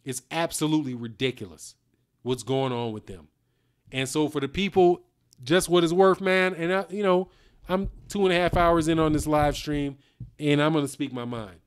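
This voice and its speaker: A man's voice: a little high, moderate pace, smooth. A middle-aged man hosting a boxing live stream, talking bluntly in slang and reading out viewer donations. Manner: blunt, animated slang-heavy talk, reads out super chats. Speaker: boxing channel host.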